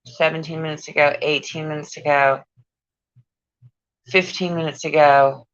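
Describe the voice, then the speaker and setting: A woman's voice: deep voice, fairly even intonation, normal speed, no room sound. A woman on a casual livestream, profane and exasperated, muttering to herself as she goes. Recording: dull lo-fi sound.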